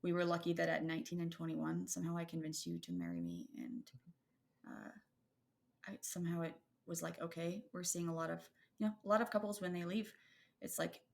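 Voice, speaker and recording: A podcast co-host in her thirties chats casually, thinking aloud and rambling with plenty of fillers and restarts. Her lowish, creaky voice is animated and brisk, with a darkish tone.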